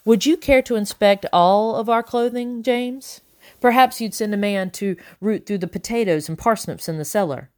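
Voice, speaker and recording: A woman reading the part of a sly, self-assured wealthy gentleman, smooth and pointed. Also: mid-range voice, moderate pace, pitched above the performer's own voice, close to an everyday voice. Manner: fuming then smug.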